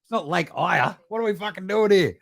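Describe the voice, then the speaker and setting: An Australian man hosting a basketball stream, talking in a sweary, animated way that jumps into mocking voices and sudden shouts. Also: sits high, a little fast, creaky, dry recording, studio quality. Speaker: basketball podcast host. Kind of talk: profane casual live-stream commentary.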